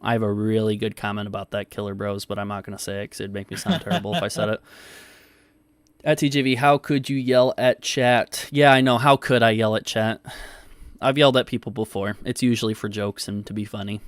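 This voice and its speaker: Dude streaming, defensive and cussing at chat, dry sound. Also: male voice, on the low side, little pitch movement, brisk, smooth, no echo. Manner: defensive, swears often, reads chat aloud. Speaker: livestream host. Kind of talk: casual livestream commentary.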